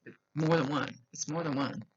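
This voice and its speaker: A woman's voice: low-pitched, moderate pace, husky. A woman psychic medium with a slight lisp, giving an earnest, reassuring reading and repeating key phrases. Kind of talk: giving a spoken reading to a client. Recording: dull lo-fi recording.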